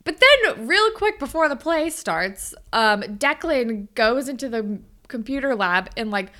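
A woman's voice: on the high side, expressive, measured pace, a bit bright. A woman co-hosting a casual podcast chat, animatedly recapping a TV episode and acting out the characters' lines. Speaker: podcast co-host.

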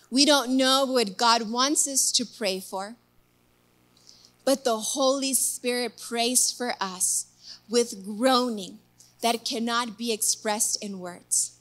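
A woman preaching a sermon, telling a personal story in a lively, chatty way and checking in with listeners. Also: high voice. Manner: animated, chatty, asks the crowd with "okay?" and "guys".

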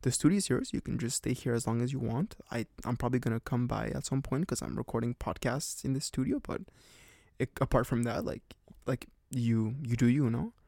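A man doing an easygoing host, gravelly. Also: mid-range voice, fairly even intonation, brisk, a little mellow, no room sound, clean studio sound. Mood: relaxed friendly. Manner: casual, easygoing, filler-laden.

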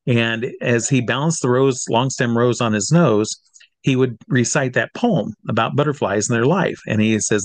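A middle-aged man from Iowa, an entertainer telling a lively anecdote and acting out the people in it. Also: medium pitch, normal speed, no room sound. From Iowa, USA. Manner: lively storyteller who acts out the people he quotes. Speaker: entertainer guest. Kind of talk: animated anecdote.

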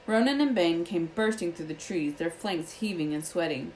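A woman reading a children's fantasy novel aloud in a steady storytelling manner. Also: fairly low pitch, moderate pace, a little hiss or hum, poor audio. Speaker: audiobook reader.

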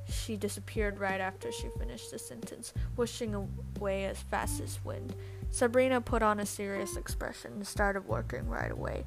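A woman reading a storybook aloud in steady first-person narration. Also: medium pitch, moderate pace, gravelly, over music, poor audio. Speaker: audiobook reader.

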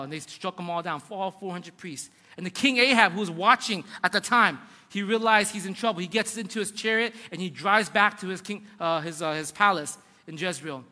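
A man's voice: high-pitched, brisk, bright, forceful tone. A man preaching a sermon, retelling a Bible story dramatically and with emphasis. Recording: long hall reverb.

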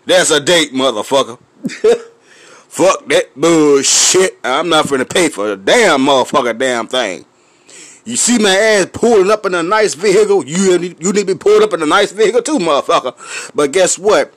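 A man's voice: on the high side, lively intonation, normal speed, dry recording. Profane Memphis man ranting. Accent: Memphis Southern US. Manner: loud, profane, laughing between lines; smoking, clears throat often. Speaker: vlogger. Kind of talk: profane rant to camera.

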